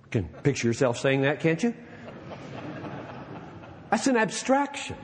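Animated preacher man in a reverberant hall. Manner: animated, emphatic, drops low and slow when reading quotations aloud. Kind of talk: sermon to preachers.

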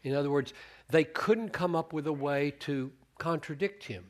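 A man's voice: on the high side, normal speed. A man preaching a sermon on a Bible passage, earnest, restarting words as he thinks aloud and acting out the quoted lines.

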